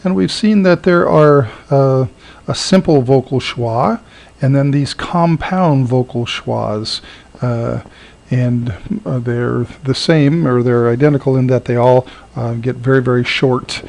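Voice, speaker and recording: Man, teacher, recorded lesson, gravelly, halting delivery, many fillers. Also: medium pitch, a little mellow. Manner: halting, many fillers, repeats words slowly to model sounds. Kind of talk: recorded lecture.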